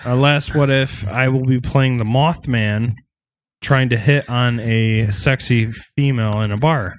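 A man hosting a casual comedy podcast, playful and lively. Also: mid-range voice, unhurried, slight background noise. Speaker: podcast host.

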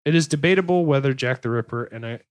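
A man's voice: medium pitch, fast, no echo. Crude joking man hosting a podcast. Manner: reads case notes, then riffs with crude jokes. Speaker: podcast host. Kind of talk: casual true-crime podcast chat.

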